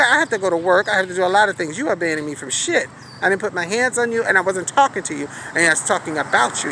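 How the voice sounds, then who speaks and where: Loud, outspoken woman with a very bright voice. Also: mid-range voice. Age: adult. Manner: animated, profane and outspoken, venting. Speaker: vlogger. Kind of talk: casual storytelling vlog. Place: outdoors on a city street corner by a bus stop. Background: light street traffic and passing buses.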